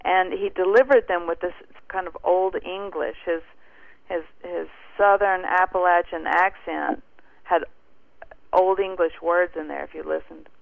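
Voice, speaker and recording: A woman tells a story with lively, animated energy as a guest on a call. Her voice has a gravelly edge and sounds close and dry. The sound comes through a tinny phone line. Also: fairly low pitch, a little slow, dry recording. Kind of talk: casual storytelling over the phone.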